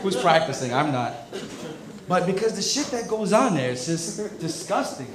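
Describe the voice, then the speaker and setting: A young man with a high voice performs stand-up, his pitch swinging widely as he rambles through stories packed with fillers at a moderate pace. The setting is an echoey comedy club with a crowd, and the audience laughs in the background.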